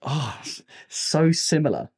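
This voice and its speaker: Lively, animated man co-hosting a podcast. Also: on the high side, takes it slowly, breathy edge. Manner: animated, playful, swears when frustrated. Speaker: podcast co-host. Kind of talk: casual chat.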